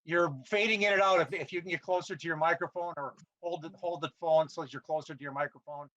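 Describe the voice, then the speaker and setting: Man chairing a hearing, courteous and procedural, slightly high voice, muffled audio. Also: fairly even intonation, quick pace, a bit bright. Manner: polite, procedural. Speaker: committee chair. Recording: slightly dull remote call audio.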